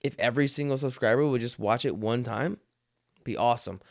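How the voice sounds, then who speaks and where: Casting: man in his thirties, casual podcast co-host, animated storyteller who laughs a lot. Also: mid-range voice, fairly quick, creaky. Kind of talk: casual chat.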